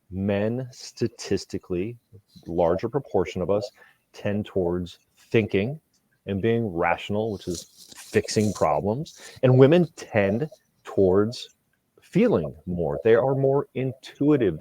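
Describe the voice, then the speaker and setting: A man co-hosting a podcast as a couples therapist, talking in an animated, joking way with quick asides. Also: on the low side, dry recording. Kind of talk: casual podcast conversation.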